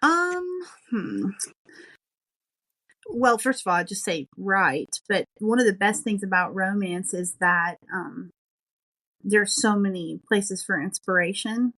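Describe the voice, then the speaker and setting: A woman's voice: medium pitch, lively intonation, slow, a bit bright, rough recording. A woman who writes romance novels, a podcast guest chatting in an enthusiastic, thoughtful and modest way. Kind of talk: casual interview chat.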